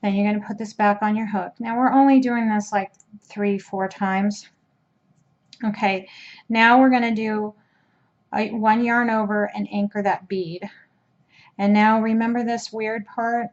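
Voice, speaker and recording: A woman in a relaxed crochet tutorial explains each step as she works, often pausing with fillers and restarting her sentences. Her voice sits at an ordinary middle pitch. The sound is a bit dull and lo-fi, like a simple home camera recording. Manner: chatty, hesitant with fillers and restarts. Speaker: crochet instructor.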